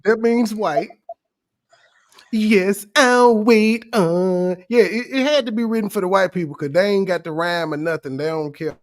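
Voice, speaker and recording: Man, young adult, high voice, reaction host, profane, mocking, casual commentary. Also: unhurried, poor audio.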